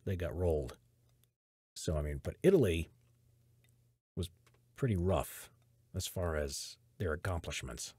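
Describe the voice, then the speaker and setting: A man's voice: very deep voice, breathy edge, no echo. An American man, a voiceover artist, casually explaining his audio setup in a home recording room into a studio microphone, rambling and correcting himself as he goes. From United States. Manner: rambling, self-correcting, relaxed tech talk. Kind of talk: casual behind-the-scenes explanation.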